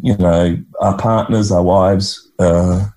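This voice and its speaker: A middle-aged Australian man, an actor and writer appearing as a guest in a reflective conversational interview, tells heartfelt, rambling stories and keeps restarting them. His voice is low and warm, slow, with fairly even intonation.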